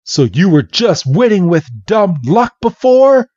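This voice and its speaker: A man's voice: sits high, sing-song, takes it slowly, no room sound, highs cut off, voice pushed up, heavily acted. A man voicing a cocky young male gym leader who taunts his opponent with boastful lines.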